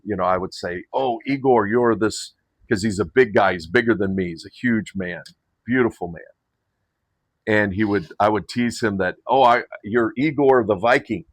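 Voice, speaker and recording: A man's voice: on the low side, no echo, rough recording. A man hosting a men's retreat, giving a casual invitation to the camera with frequent restarts and self-corrections.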